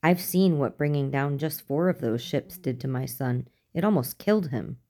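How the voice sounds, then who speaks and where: A woman's voice: extremely low pitch, normal speed. Distraught protective mother, insistent, interrupting, voiced by a woman narrator. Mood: firm. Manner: sharp, interrupting.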